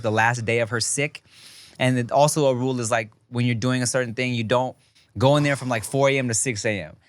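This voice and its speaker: A man co-hosting a podcast in casual chat, an animated storyteller who swears freely and acts out the people in his stories. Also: mid-range voice, no echo, studio quality. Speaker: podcast co-host.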